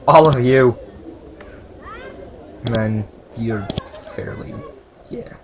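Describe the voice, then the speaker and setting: A man's voice: mid-range voice, sing-song, extremely slow, long pauses, background noise. A man casually commenting as he plays a video game, making jokey, rambling asides. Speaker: let's play host.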